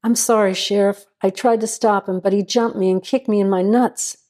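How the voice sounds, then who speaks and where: A woman voicing a young male deputy who is hurt and apologetic, speaking in a halting, shaky voice as she reads the story aloud. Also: mid-range voice, fairly even intonation, a little mellow, natural voice. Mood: pained. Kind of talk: audiobook reading.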